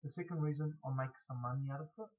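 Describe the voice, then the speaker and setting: A man with a blocked nose from hay fever, answering viewer questions in a casual, halting way with stutters and restarts. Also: on the high side, darkish tone. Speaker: scrap collector vlogger. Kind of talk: casual to-camera Q&A. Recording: dull lo-fi recording.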